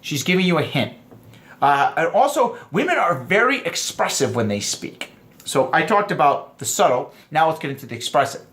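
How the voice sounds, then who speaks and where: A man giving dating advice to other men, lively and explaining point by point, acting out quoted lines in funny voices. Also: on the high side, moderate pace. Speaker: dating coach. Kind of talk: instructional vlog talk.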